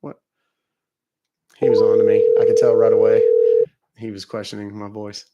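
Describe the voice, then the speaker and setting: A man's voice: lowish voice, level tone, moderate pace, highs cut off, very noisy. A man hosting a live stream where he calls scammers, telling stories and joking between calls. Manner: joking storyteller, laughs at his own jokes. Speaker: livestream host calling scammers. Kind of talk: casual live-stream chat.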